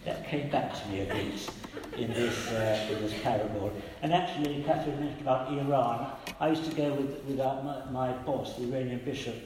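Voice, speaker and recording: An older man preaching a sermon, telling stories gently and quoting the people in them. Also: medium pitch, fairly quick, background noise. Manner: gentle storytelling with quoted voices. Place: church. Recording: echoey church hall with long reverb.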